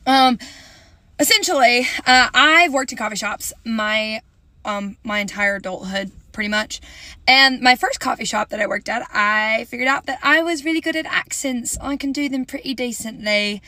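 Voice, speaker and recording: A young woman telling a comic personal story to camera in an animated, dramatic way, swinging between loud bursts and hushed asides. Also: on the high side, no echo.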